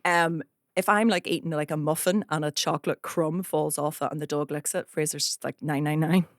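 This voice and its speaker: A woman hosting a comedy podcast, telling stories in a lively, giggly way. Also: low-pitched, brisk, no room sound, clean studio sound. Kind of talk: casual podcast chat.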